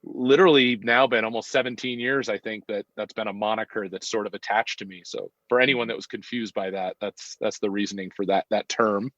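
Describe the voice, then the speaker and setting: A man's voice: on the low side, fairly even intonation, brisk, hardly any pauses, fairly bright tone, dry recording. A man in his fifties, a podcast guest, talking in a reflective, hesitant way with many ums and restarts. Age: 50s. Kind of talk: casual conversational interview. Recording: dull, dry sound.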